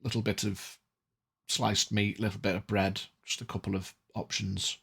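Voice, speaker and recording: A man narrating as game master of a tabletop game, laid-back and unhurried. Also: fairly low pitch, level tone, gravelly, a bit bright, breathy edge.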